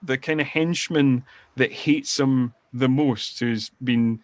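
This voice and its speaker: A man co-hosting a podcast, casually retelling a film scene in a rambling, animated way and acting out quoted lines. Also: medium pitch, slow, no echo. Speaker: podcast co-host. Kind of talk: casual film-review chat.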